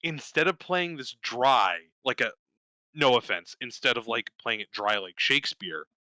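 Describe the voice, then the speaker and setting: A young man co-hosting a podcast, casually telling a profane, animated story and voicing the characters in it. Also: mid-range voice, normal speed, dry recording, poor audio. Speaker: podcast co-host. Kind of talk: casual chat.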